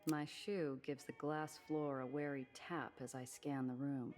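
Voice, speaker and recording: A woman streamer reading a game's narration while lowering her voice to play a tough woman smuggler. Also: little pitch movement, unhurried, darkish tone, soft background music. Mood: wry. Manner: reading aloud in a lowered register.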